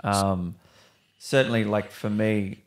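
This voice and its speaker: A young male actor, a guest on a podcast, chats casually in an interview, rambling with many restarts and some mild swearing. His voice is lowish and slow, with fairly even intonation and a faint hiss or hum.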